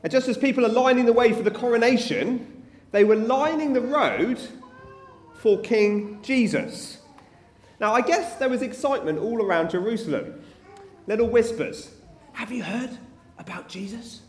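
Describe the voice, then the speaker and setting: A man leads a playful children's talk in church, coaxing the kids to join in. His voice sits high and swings up and down with energy. The sound is roomy, with a faint hum of the hall behind him. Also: animated, normal speed, darkish tone. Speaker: preacher leading a family service.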